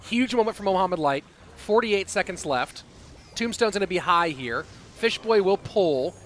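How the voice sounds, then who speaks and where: A man casting a live esports match, with excitable play-by-play and rambling asides. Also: high voice, a little slow, a little hiss or hum. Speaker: esports caster. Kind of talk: live game commentary.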